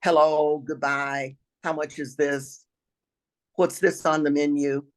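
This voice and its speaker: An older woman with a raspy voice, a retired teacher telling travel stories as an interview guest, now and then clearing her throat. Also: sits low, level tone, takes it slowly, low-quality recording. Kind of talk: storytelling interview answers.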